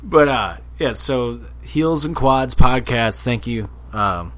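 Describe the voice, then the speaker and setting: A young man co-hosting a podcast, telling stories in casual chat, animated and profane. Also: medium pitch, slow pace. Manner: animated, profane, acts out quotes in a loud snarl. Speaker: podcast co-host.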